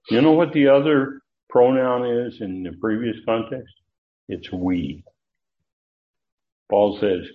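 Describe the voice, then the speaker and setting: A man teaching a verse-by-verse Greek Bible lesson, deliberate, with frequent fillers and emphatic rises. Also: mid-range voice. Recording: dull lo-fi recording.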